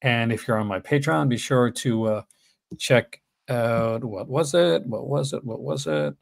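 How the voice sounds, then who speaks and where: A man hosting a casual livestream about films, speaking at a middling pitch. He talks in a halting, chatty way, circling back and restarting his sentences. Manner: hesitant, full of fillers and restarts. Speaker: host.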